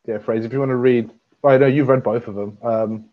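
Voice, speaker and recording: A man in his twenties, hosting and telling stories in a playful, animated way among old friends. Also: mid-range voice, fast. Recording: dull lo-fi sound.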